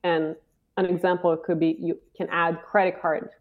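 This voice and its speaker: A woman investor as an interview guest, easygoing and quick to laugh. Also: on the low side, level tone, phone-quality sound. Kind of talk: casual interview.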